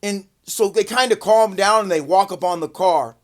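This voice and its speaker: High-voiced man telling a profane story. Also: moderate pace. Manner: animated, profane, acts out quotes loudly. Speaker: vlogger. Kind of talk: casual storytelling to camera.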